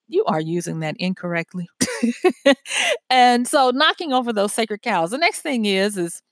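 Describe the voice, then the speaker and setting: Animated woman giving a pep talk. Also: mid-range voice, no room sound, studio quality. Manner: animated, self-correcting, laughs at herself. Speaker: writer giving self-help talk. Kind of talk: casual motivational monologue.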